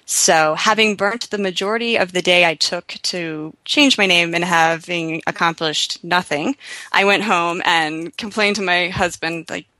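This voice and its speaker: A woman from the United States, an entrepreneur telling her founding story in an interview, animated and quick with asides. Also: on the low side, no room sound, rough recording. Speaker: guest entrepreneur.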